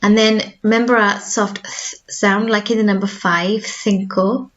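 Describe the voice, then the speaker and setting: A woman's voice: medium pitch, fairly even intonation, measured pace, a bit bright, lo-fi sound. A woman with a Welsh accent who teaches school languages, giving a recorded video lesson and explaining patiently, modelling each word more than once. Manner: clear, patient explaining with repeated model words.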